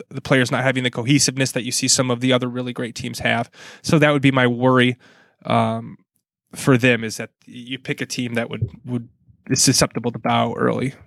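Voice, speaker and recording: Man host for a soccer chat show, relaxed and wry, middle-pitched voice, dry recording. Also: no echo. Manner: easygoing, joking, analytical. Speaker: sports podcast host. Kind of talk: casual soccer preview chat.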